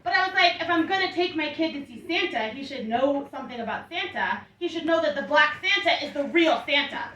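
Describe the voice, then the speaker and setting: A woman's voice: high voice, expressive, a little fast, few pauses, bright, forceful tone. A woman in her thirties performing a stand-up comedy set with wry, self-deprecating storytelling. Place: comedy club stage before a laughing crowd. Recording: echoey club recording from a distance, crowd laughter.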